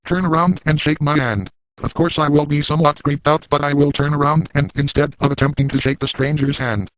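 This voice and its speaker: A man doing a crude boastful lowlife, dry and flat. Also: no echo, natural voice, poor audio. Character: crude boastful adult man, lewd and shameless. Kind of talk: first-person comedic storytelling.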